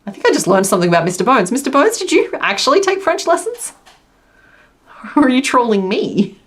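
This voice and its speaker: A woman's voice: fairly high pitch, sing-song, normal speed. Woman streamer, casual crafting chat, laughs a lot, mumbles stitch counts. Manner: chatty and apologetic, laughs often, counts stitches under her breath. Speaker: crochet livestream host. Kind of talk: casual live-stream chat while crocheting.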